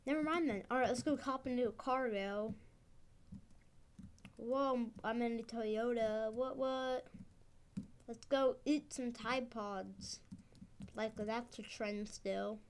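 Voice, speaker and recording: A young woman casually commenting while she plays a video game, rambling and excitable, her speech slightly off from a dental expander. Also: on the high side, measured pace, clear, resonant tone. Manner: chatty, excitable, rambling with fillers. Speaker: gaming video host.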